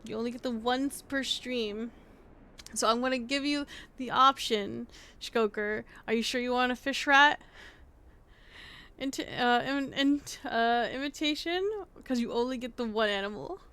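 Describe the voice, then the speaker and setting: Brief: female streamer, tired, chatty and meandering, mid-high voice. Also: a little slow, bright, forceful tone, smooth. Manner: rambling, thinking aloud with many restarts. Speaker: livestreamer. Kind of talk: casual stream chat.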